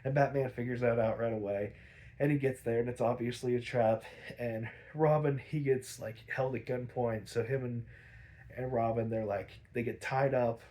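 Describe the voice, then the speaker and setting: A young man casually recapping a TV episode, rambling with lots of fillers, laughing often and acting out characters in quick raised voices. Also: mid-range voice, steady tone, warm tone. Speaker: podcast host recapping episodes.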